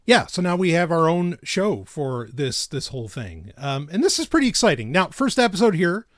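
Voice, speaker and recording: A studio-recorded podcast co-host with a sing-song voice on the high side chats casually. He rambles, keeps restarting sentences and often bursts out laughing. The sound is clean, with no echo.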